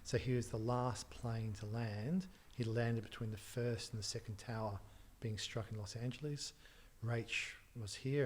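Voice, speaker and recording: A middle-aged man tells a story in a podcast interview, animated and quick to laugh, stumbling over his words now and then. His voice sits at an ordinary pitch, with a faint hiss of room noise behind him. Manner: animated anecdotes with frequent laughs and restarts. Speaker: interview guest, tech entrepreneur.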